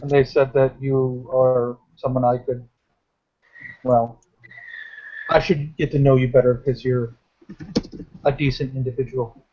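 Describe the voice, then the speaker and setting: A man voicing a secretive, courteous male vampire in a tabletop game, speaking in a hesitant, measured way. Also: mid-range voice, flat delivery, close to an everyday voice. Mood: guarded. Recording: dull lo-fi recording.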